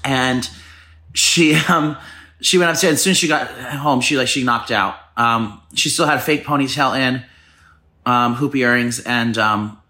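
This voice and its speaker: A man in his thirties co-hosting a chatty podcast, telling a rapid, gossipy story and acting out other people's lines. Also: mid-range voice, sharp tone. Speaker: podcast co-host. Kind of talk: casual chat, storytelling.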